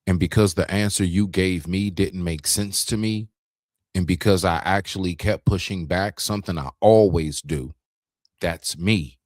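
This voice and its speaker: A man's voice: low voice, unhurried, dry recording, studio quality. A man co-hosting a talk stream, arguing his point in a heated, emphatic casual debate. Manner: animated, confrontational, emphatic, demonstrates raising his voice.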